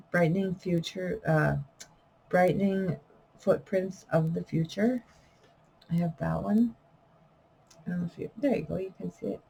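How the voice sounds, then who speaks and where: On poor audio, a middle-aged woman with a dark, breathy voice on the low side chats casually to camera in her unedited vlog. A self-published poet, she rambles, drifts off with fillers, corrects herself, and is slightly wheezy with coughing.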